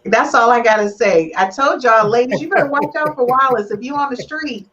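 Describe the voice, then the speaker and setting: Woman host chatting on a love podcast, kinda high voice, teasing and emotional, dull lo-fi audio. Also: brisk, a bit bright. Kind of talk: lively relationship podcast chat.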